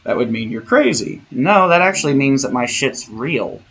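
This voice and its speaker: Male vlogger, mid-pitch, rambling and theatrical, swears freely. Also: big pitch swings, moderate pace, a bit bright, breathy edge, rough recording. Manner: rambling, profane, theatrical, jokey. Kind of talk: casual spiritual monologue.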